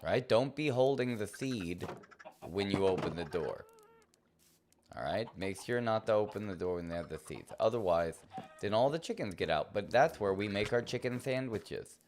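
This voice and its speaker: Playful male streamer, very low voice, loose rambling gameplay commentary. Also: expressive, moderate pace, a little mellow, slight background noise. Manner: playful, rambling, talks to himself and the game.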